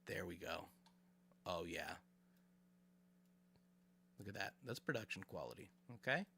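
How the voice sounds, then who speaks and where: A man's voice: low voice, a little slow, vocal fry, slight background noise. A man streaming live, chatting casually with his viewers as he reacts to a clip. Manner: animated, chatty, talks to chat.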